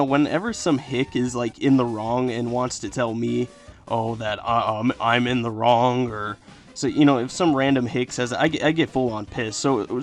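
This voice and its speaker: A teenage boy excitedly telling a profane personal story in casual speech. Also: mid-range voice. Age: teens. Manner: profane, animated, excitable retelling.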